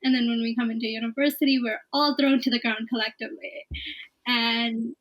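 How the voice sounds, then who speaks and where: A woman's voice: fairly high pitch, steady tone, brisk, a bit bright, rough recording. A young woman in her twenties, a student guest in a casual interview, speaking earnestly and laughing often.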